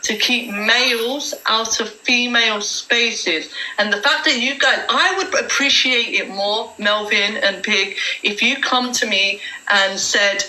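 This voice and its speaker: A woman's voice: a little high, fairly even intonation, slow, few pauses, sharp tone, echoey room, poor audio. A woman hosting a heated live-stream debate, emphatic and swearing as she argues her point. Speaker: livestream host.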